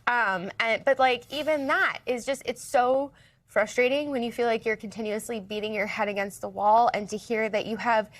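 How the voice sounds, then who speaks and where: A woman speaking as a guest in a live news interview, close to tears, talking in an earnest, halting way with many restarts. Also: on the high side, steady tone, no echo. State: emotional, near tears.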